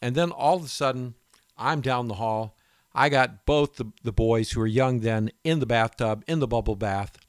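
A man's voice: mid-range voice, no room sound, studio quality. A man hosting a home and garden radio show, telling a rambling personal story in a casual way and often breaking off mid-sentence. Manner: animated, rambling, self-interrupting storyteller.

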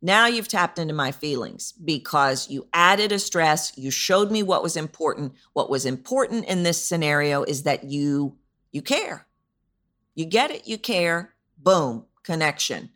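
Host, female, low register, emphatic voice-coach podcast delivery. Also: animated, normal speed, hardly any pauses, fairly bright tone. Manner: emphatic, repetitive, demonstrates vocal delivery. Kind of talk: solo podcast teaching.

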